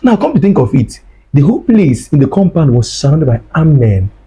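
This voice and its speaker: Husky-voiced man recounting an ordeal. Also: fairly high pitch, sing-song, fairly quick, mellow, low-quality recording. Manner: repeats phrases, acts out dialogue. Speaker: guest recounting his ordeal. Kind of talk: emotional first-person storytelling.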